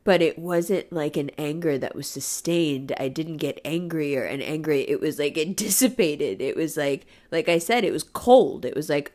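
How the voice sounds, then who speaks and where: A woman's voice: deep voice, lively intonation, normal speed, a little mellow. A woman in a candid personal monologue, emotional and raw, swearing freely, laughing and tearing up by turns.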